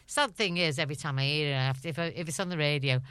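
A woman's voice: sits low, racing, fairly bright tone, clean tone, no echo. A middle-aged woman with a Liverpool accent, a chatty guest telling stories in an interview and laughing often. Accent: Liverpool (Scouse). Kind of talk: anecdotal interview chat.

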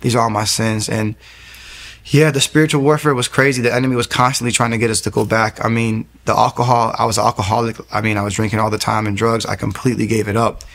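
Earnest gravelly-voiced man telling his story. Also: on the low side, little pitch movement, a bit bright. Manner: earnest, rapid storytelling with restarts. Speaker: guest giving a faith testimony. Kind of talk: personal testimony storytelling.

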